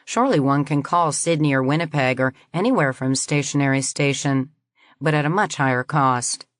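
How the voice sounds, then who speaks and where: A woman narrating a science fiction audiobook in the first person, reading in a measured, even way. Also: deep voice, no room sound, studio quality.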